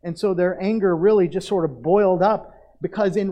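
A pastor preaching a sermon, addressing the congregation directly and drawing out key phrases for emphasis. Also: male voice, sits high, normal speed, mellow.

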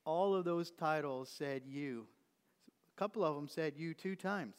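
A man's voice: on the high side, a little fast, smooth, long reverb tail. A man preaching a sermon to his congregation, conversational and teasing, quizzing them with questions. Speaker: pastor. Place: church sanctuary.

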